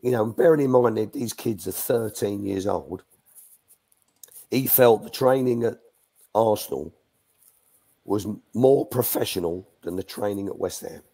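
A man's voice: lowish voice, measured pace, pauses often, dark tone. An older man, a former youth coach, telling anecdotes as a guest in a live Q&A, restarting sentences as he goes. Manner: chatty, restarts sentences, acts out quotes.

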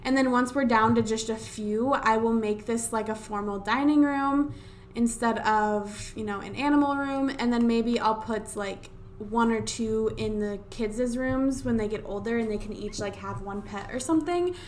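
A woman's voice: fairly high pitch, moderate pace, slight background noise. A woman giving casual gameplay commentary at home, exasperated, talking to the game characters and drawing out her wows. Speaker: let's play host. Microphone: desk USB microphone.

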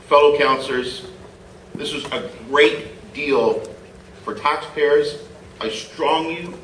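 Man, mayor-type, repeats words for emphasis; bright tone, roomy distant chamber sound. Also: on the high side, slight background noise. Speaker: mayor moving a motion at city council. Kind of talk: formal council speech. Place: large council chamber. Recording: echoey chamber audio from afar.

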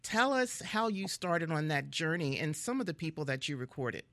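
Woman radio host, chatty, laughs a lot, bright animated voice, dry close sound. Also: sits low, normal speed, no echo. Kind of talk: casual radio interview.

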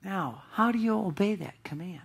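A woman's voice: medium pitch, expressive, moderate pace, gravelly, breathy edge. A woman pastor preaching a sermon in a church, emphatic and asking the congregation rhetorical questions.

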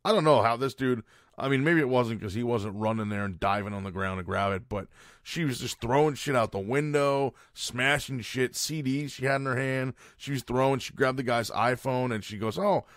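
A man's voice: mid-range voice, a bit bright, dry recording, studio quality. Blunt, foul-mouthed male podcast host. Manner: profane, blunt, exasperated storytelling. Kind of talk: casual podcast rant.

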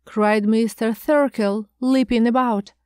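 A woman reading a science fiction short story aloud in a measured, expressive storytelling manner. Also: on the high side, clean tone, no room sound. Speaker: audiobook reader. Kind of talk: scripted narration.

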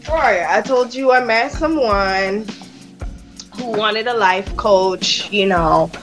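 A woman's voice: mid-range voice, takes it slowly, a bit bright, faint music behind. A woman from Jamaica with a Jamaican accent, chatting as a podcast guest in a frank, profane, storytelling way. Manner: frank, profane storytelling with laughs and trailing fillers. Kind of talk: casual candid podcast chat.

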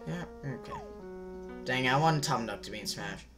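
A young woman hosting a gaming channel, reacting live to a game presentation, swinging between hushed muttering and shrieking outbursts. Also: rumbling low, expressive, normal speed, over music.

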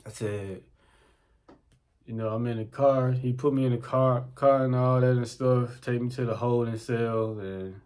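A man's voice: mid-range voice, unhurried. A young man telling a personal story in casual, slangy talk, often repeating his phrases. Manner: animated, slangy, repeats himself.

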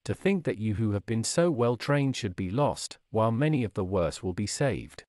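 Guy reading an old sermon, solemn, big swings in pitch, dry studio sound. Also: animated, moderate pace, darkish tone, no room sound. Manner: solemn, declamatory, rises and falls dramatically. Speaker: preacher.

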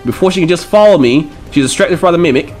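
A man giving excitable gameplay commentary, swearing and trash-talking enemies with frequent panicked outbursts. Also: on the high side, fast talker, faint music behind. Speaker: gaming channel host.

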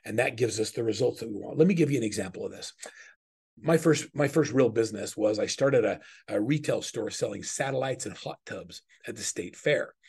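A man's voice: on the low side, brisk, vocal fry, darkish tone, breathy edge. A middle-aged man speaking as a business coach in a webinar, teaching earnestly and conversationally through personal stories, often restarting his sentences.

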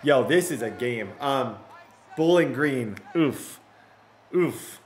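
A young man giving excitable commentary while playing a football video game, often bursting into loud shouts over big plays. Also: mid-range voice, slow pace. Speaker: gaming YouTuber. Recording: echoey room with game music behind.

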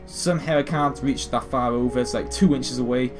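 Excitable British teen rambling over gameplay. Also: male voice, mid-range voice, brisk, over music. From Britain. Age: late teens. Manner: rambling, excitable, self-mocking. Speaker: gaming video host. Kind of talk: gameplay commentary.

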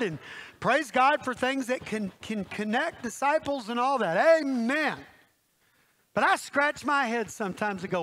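Animated, high-voiced folksy preacher man. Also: unhurried, a little hiss or hum. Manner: folksy, animated, talks to the congregation directly. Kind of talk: sermon. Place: church.

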